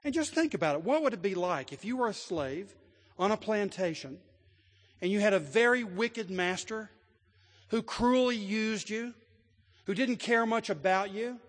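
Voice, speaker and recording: A man preaching a sermon with a notably high voice. His delivery moves from quiet storytelling to emphatic declarations. A long reverb from a large hall trails behind every phrase. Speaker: pastor.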